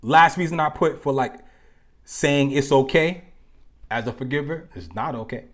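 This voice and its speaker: A man at an everyday mid pitch hosts a live stream and talks straight to his viewers. He is loose and conversational, full of slang and quick jokes aimed at the chat. He slows right down whenever he wants a point to land. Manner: slows down to stress key points. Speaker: host of a live relationship talk show.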